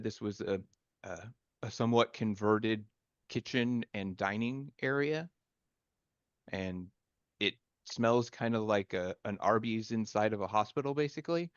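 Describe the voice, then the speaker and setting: Low-voiced man running a tabletop game. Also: normal speed, no echo, lo-fi sound. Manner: loose, conversational, restarts often. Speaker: game master.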